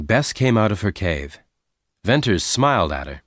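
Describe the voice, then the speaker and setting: Low-voiced male storybook narrator. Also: very animated, fairly bright tone, no room sound, studio quality. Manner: clear, measured reading.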